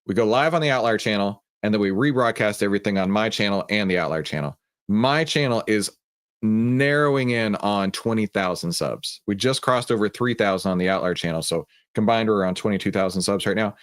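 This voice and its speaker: Laid-back Texan man, lowish voice. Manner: laid-back, jokey, greeting chat viewers by name. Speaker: livestream host. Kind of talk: casual live stream chat.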